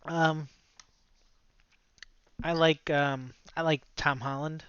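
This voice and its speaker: A man's voice: on the high side, steady tone, takes it slowly, fairly bright tone, clean tone, no echo, highs cut off. A man co-hosting a podcast in casual chat, blunt and opinionated, swearing freely and laughing often. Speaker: podcast co-host.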